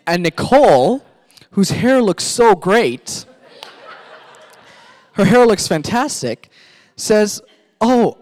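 A man's voice: sits high, sing-song, slow, long pauses, a little mellow. A man from Pakistan, a pastor, animatedly narrating a sermon skit and directing volunteer actors.

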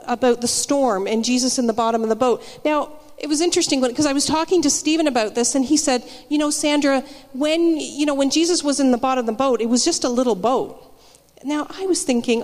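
A woman's voice: sits high, a little mellow, in a large hall. A woman giving a casual spoken sermon, telling personal stories in a chatty way with frequent restarts. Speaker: church speaker.

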